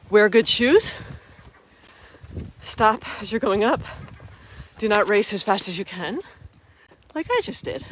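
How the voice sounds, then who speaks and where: A woman's voice: a little high, slight background noise. A woman narrating a live walking tour outdoors, chatty and upbeat, speaking to viewers directly from a phone she carries as she walks. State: out of breath from climbing steps. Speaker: tour guide vlogger. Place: outdoors on a hilltop village. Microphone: phone held while walking.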